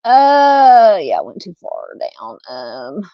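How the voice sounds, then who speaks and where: A woman's voice: medium pitch, wildly swooping pitch, slow pace, dry recording, lo-fi sound. A woman with a Southern US accent hosting a casual true crime live stream, rambling and chatty as she talks with viewers. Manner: rambling, chatty, lots of "you know" fillers.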